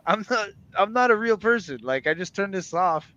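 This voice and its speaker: A man's voice: high voice, expressive, moderate pace, bright, forceful tone, no echo, highs cut off. A man chatting casually on a stream, laid-back and full of fillers. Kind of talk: casual chat.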